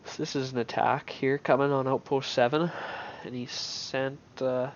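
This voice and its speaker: A man's voice: medium pitch, little pitch movement, normal speed, muffled recording, slight background noise. A man giving casual gameplay commentary on his own match, thinking aloud in an offhand way with many restarts.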